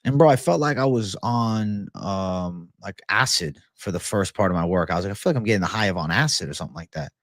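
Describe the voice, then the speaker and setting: A man's voice: low voice, animated, quick pace, few pauses, dry recording, clean studio sound. A young man hosting a casual livestream, swearing freely and calling everyone "bro" as he reads and answers chat comments. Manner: profane, loose, repeats "bro" constantly. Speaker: livestream host.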